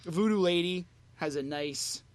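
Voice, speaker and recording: A man's voice: sits high, unhurried. A man co-hosting a fan podcast, chatting casually and rambling with lots of "you know" and "like" fillers. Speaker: podcast co-host.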